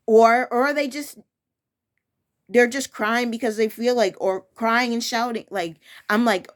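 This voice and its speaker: A woman's voice: a little high, measured pace. A young woman who works as a preschool teacher talks casually and frankly, with a firm tone and many restarts and self-corrections. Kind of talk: casual personal storytelling.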